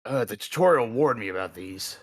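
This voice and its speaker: A man's voice: medium pitch, lively intonation, brisk, a little hiss or hum. A man co-hosting a let's-play, playing the game and making amused, rambling remarks.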